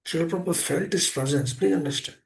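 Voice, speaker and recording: A man preaches earnestly, with a gravelly, fry-tinged voice sitting a bit high for a man. He often repeats himself and poses rhetorical questions to his listeners. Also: fast talker. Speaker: speaker giving a scripture class. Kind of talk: sermon.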